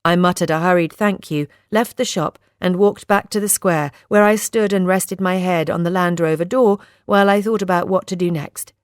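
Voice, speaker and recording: Low-voiced woman reading a novel. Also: steady tone, normal speed, hardly any pauses, clear, resonant tone, no echo, clean studio sound. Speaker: audiobook narrator. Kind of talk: first-person novel narration.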